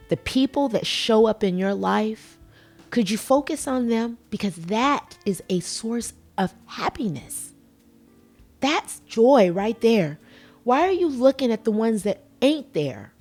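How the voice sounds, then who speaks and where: A woman's voice: mid-range voice, a little mellow. A middle-aged woman hosting a motivational podcast, earnest and folksy, talking with emphatic conviction. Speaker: podcast host.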